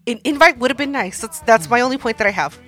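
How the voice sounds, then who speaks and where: A woman's voice: a little high, fast talker. Profane laughing woman telling stories. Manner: profane, animated, laughs often. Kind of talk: casual storytelling chat.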